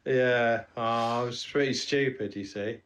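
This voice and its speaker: Deadpan co-host. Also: male voice, medium pitch, unhurried, slight background noise. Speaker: podcast co-host. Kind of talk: casual comedy chat.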